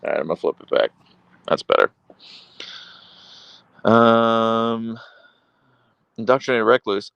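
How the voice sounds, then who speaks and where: A man's voice: mid-range voice, slow pace, gravelly, long pauses, a bit bright, smooth, no echo. A man live streaming from his phone on an outdoor couch, reading chat aloud in a wry, rambling way.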